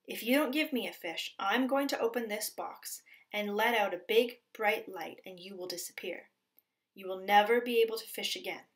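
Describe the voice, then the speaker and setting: A woman's voice: mid-range voice, recorded from a distance, close to an everyday voice. A woman reading a storybook aloud, voicing a tricky, hungry male raven spirit who pleads for a fish and then threatens.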